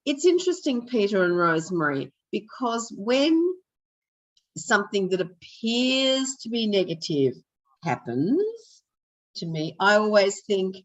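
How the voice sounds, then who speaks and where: Woman, radio host, slow reflective talk, lowish voice, muffled lo-fi sound. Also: big pitch swings. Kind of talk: casual radio chat.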